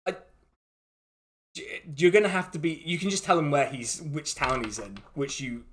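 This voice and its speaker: A man's voice: a little high, expressive, moderate pace, a bit bright. A man narrating a tabletop game as game master, rambling and laughing through restarts.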